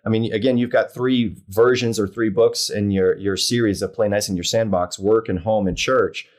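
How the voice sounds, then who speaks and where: A man's voice: on the low side, steady tone, normal speed, darkish tone. A man hosting an interview, asking long conversational questions. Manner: conversational, rambling questions, frequent "mm" listening sounds. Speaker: interviewer host.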